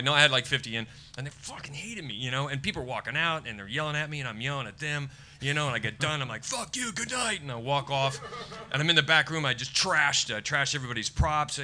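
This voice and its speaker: Bright-voiced American man telling stories. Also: mid-range voice, slight background noise. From United States. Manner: animated storyteller acting out quotes. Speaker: stand-up comedian guest. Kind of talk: anecdotal casual chat.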